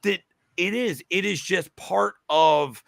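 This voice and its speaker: A man co-hosting a podcast, talking excitedly in casual chat with many restarts and halting phrases. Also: high-pitched, vocal fry, no room sound, studio quality. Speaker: podcast co-host.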